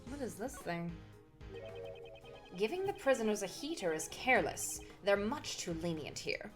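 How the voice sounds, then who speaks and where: A woman voicing a composed, formal male prosecutor from a game, with a lowered, measured delivery. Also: sing-song, music in the background, lightly acted. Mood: dry.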